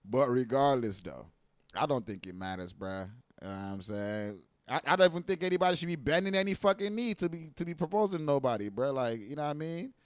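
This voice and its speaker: In clean studio audio with no room sound, a man with a medium-pitched voice talks fast through casual reaction commentary. He's animated and profane, full of slang and keeps repeating asides like "you know what I mean."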